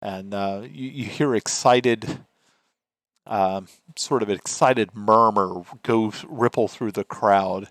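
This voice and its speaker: A man's voice: fairly low pitch, takes it slowly, no room sound, studio quality. A man narrating as game master of a tabletop game, hesitant and full of fillers.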